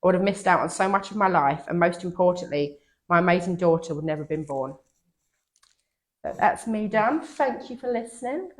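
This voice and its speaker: A woman, reading a personal story aloud in an earnest, measured way. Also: lowish voice, animated. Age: 60s.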